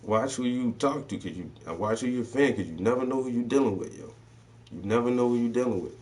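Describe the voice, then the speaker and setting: A man's voice: medium pitch, fast talker, a little mellow, distant mic. A man hosting a casual chat, telling stories loosely with lots of swearing and slang. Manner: loose, swearing storyteller voicing people in his stories. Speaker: host.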